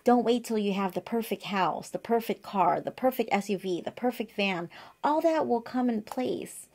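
A woman's voice: a little high, lively intonation, normal speed, darkish tone. Chatty woman in her forties. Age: 40s. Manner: chatty, digressive storytelling with many fillers. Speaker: acupuncturist. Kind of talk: casual advice monologue to camera. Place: her office.

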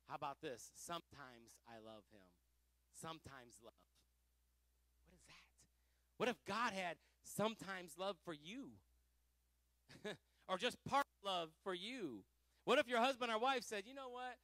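Fervent high-voiced man preaching. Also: measured pace, pauses often, no room sound. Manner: fervent, animated, laughs often, swings from loud to soft. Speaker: pastor. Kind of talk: Pentecostal Bible study preaching.

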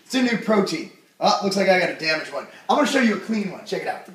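A young man reviewing a supplement in a jokey vlog, loud and goofy, breaking into shouts. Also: high-pitched, very animated, quick pace, roomy sound, distant mic.

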